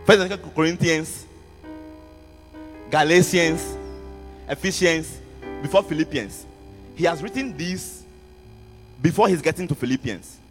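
A man preaching a sermon to students, animated, repeating words and asking the audience questions. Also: a little high, unhurried, pauses often. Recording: music underneath, long hall reverb.

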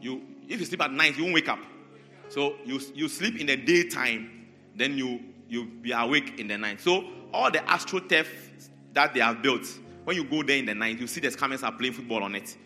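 A man preaching a sermon, animated and repetitive, calling on members of the congregation by name. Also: medium pitch, moderate pace. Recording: large hall reverb, faint music.

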